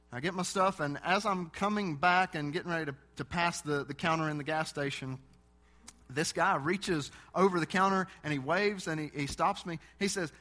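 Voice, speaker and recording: A man's voice: on the high side, fairly quick, sharp tone. A man preaching a sermon, speaking earnestly to his church and telling a personal story.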